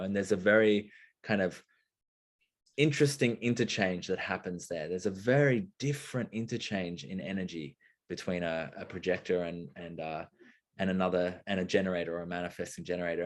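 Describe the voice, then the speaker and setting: A man's voice: sits low, brisk. A man speaking as a guest in a casual conversation, explaining things expressively and acting out little exchanges.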